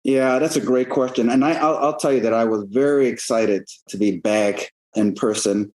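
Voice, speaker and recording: A man's voice: medium pitch, normal speed, a little mellow, poor audio. A man appearing as a guest analyst on a podcast, answering in a friendly, easygoing way. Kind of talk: casual podcast chat.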